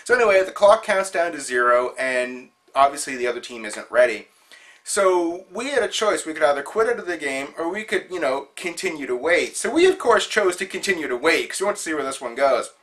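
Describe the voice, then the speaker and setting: A man's voice: on the high side, animated, fairly quick, a bit bright. A man hosting his own show, telling a funny story in a chatty, amused way. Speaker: show host. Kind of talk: casual storytelling monologue.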